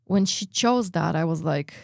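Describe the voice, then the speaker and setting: Animated woman. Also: on the low side, normal speed, vocal fry, no echo, clean studio sound. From Poland. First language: Polish. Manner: animated, acts out her own reactions, many "like" fillers. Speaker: radio guest, performer. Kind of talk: personal storytelling in an interview.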